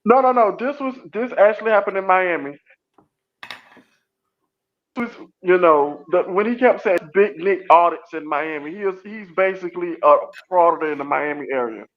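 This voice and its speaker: A man joining as a guest commentator, telling stories in a halting, rambling way. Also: high voice. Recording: dull lo-fi sound.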